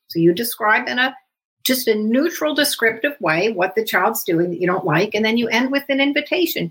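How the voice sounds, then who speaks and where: Calm, instructive woman explaining as a guest. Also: on the high side, normal speed. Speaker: guest psychologist. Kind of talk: podcast interview.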